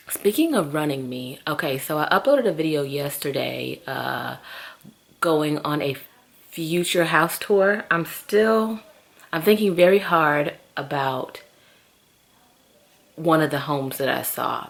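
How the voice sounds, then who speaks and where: A woman, telling stories to camera in a lively, gossipy way and calling her viewers "girl". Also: low voice, normal speed. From Southern US. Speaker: vlogger. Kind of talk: casual chatty storytelling to camera.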